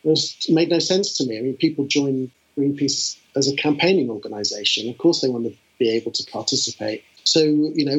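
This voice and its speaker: A middle-aged British man telling stories about his fundraising career in an animated, enthusiastic way, with lots of fillers. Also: fairly high pitch, husky. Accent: British English. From England. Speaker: interview guest, fundraiser. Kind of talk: conversational storytelling. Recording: dull lo-fi sound.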